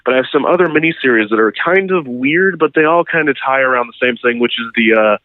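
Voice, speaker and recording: A man appears as a guest in a casual interview, a YouTube documentary creator rambling with lots of ums and restarts. His medium-pitched voice is animated and fast, with no room sound, over a tinny, phone-like line.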